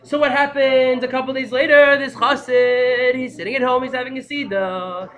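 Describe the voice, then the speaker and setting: A man teaching a storytelling Torah class, who gets excited and breaks into shouting. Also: very high voice, moderate pace. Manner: excitable, breaks into shouting, mixes Hebrew and Yiddish terms.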